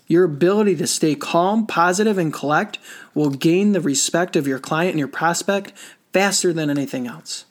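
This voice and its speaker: An energetic man coaching contractors on sales, talking in short, repeated punchy phrases. His voice sits somewhat higher than most men's. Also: brisk. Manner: energetic, repetitive, conversational. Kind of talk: motivational talk.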